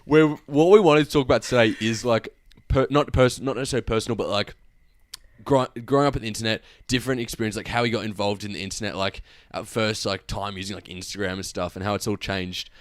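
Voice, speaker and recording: A young man co-hosting a podcast in a rapid, chatty, playful manner. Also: lowish voice, steady tone, no room sound. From Australia. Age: young adult. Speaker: podcast co-host. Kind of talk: casual chat.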